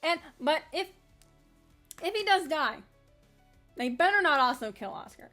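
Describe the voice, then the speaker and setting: A woman with a slightly high voice hosts a casual anime fan commentary. She rambles in an animated way, laughing often and restarting her sentences. Faint music plays in the background. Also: a little slow, pauses often.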